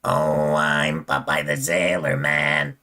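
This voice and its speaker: A man voicing a gruff old cartoon sailor, gravelly and throaty, growling slowly. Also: rumbling low, little pitch movement, bright, forceful tone, voice pushed down, exaggerated voice. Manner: slow squinting growl, halting.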